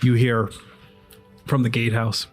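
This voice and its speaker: A man's voice: medium pitch, flat delivery, a little slow, soft background music. A man narrating a tabletop game as game master, casual and rambling.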